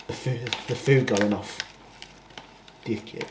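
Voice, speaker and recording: A man's voice: lowish voice, takes it slowly, pauses often, echoey room, noisy background. A man, rambling and swearing cheekily in a casual vlog from his home kitchen. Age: 20s. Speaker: fitness vlogger.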